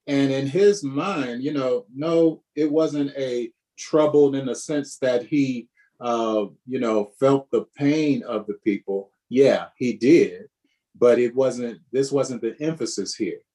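This Bible study leader has a mellow, medium-pitched voice and a slow pace. His teaching is preacherly, with lots of repetition and questions aimed at the group.

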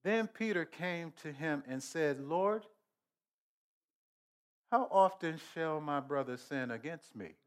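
Male preacher, slightly high voice, deliberate slow delivery, repeats phrases for emphasis. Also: lively intonation, clear, resonant tone. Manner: slow emphatic preaching with repetition and sudden loud rises. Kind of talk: sermon.

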